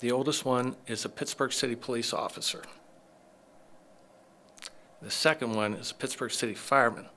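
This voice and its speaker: A man's voice: medium pitch, fairly even intonation, moderate pace, pauses often, pushed and bright, a little hiss or hum. A middle-aged man, a chiropractor, telling his story as a podcast guest, acting out the dialogue of people he quotes. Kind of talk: casual storytelling interview.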